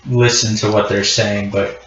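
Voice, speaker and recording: A man's voice: fairly low pitch, level tone, unhurried. A man playing a tabletop game, speaking dryly. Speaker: player. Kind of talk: tabletop role-play. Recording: distant echoey muffled mic, noise.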